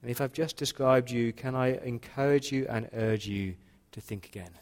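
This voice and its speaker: Male pastor, sermon, earnest, soft dramatic pauses, mid-pitched voice. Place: church.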